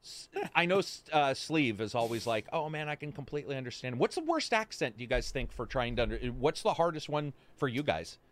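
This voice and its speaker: Animated swearing man telling gaming stories. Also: mid-range voice, fairly quick, hardly any pauses. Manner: animated storytelling, swears, acts out friends' lines. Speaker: streamer host. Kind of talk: casual voice chat with viewers.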